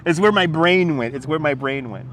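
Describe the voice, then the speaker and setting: A man walks and talks on a livestream, his voice a little higher than most. He rambles, laughs easily and swears as he answers chat. A lapel mic picks him up over faint street traffic. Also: moderate pace, fairly bright tone. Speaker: livestream host. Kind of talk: casual live-stream chat while walking. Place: outdoors on a city waterfront. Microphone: wireless lapel mic.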